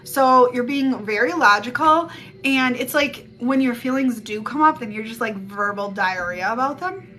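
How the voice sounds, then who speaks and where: Speaking at a moderate pace in a slightly high, sharp voice, a woman delivers a casual psychic reading over a phone mic on a live stream. She's blunt, rambling and swears freely, with music audible behind her.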